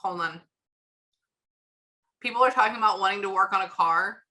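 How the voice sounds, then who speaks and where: A woman working as a psychic medium, chatting casually through a reading and retelling what she hears in quick bursts. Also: mid-range voice, bright, forceful tone, rough recording.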